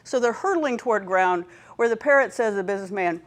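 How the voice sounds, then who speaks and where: A woman's voice: medium pitch, animated, quick pace. A woman leading a training workshop, telling stories and checking in with her audience. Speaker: workshop presenter.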